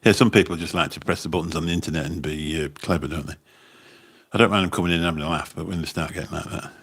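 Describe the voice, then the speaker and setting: A very deep, fairly bright voice with a breathy edge rattles along rapid-fire with fairly even intonation. The man, a taxi driver hosting a casual livestream, reads comments into his phone, rambling and repeating words.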